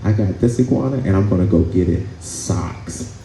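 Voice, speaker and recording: A man's voice: low-pitched, normal speed, creaky, heavy background noise. A comedian doing an eager eleven-year-old boy. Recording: roomy club sound, faint ambience.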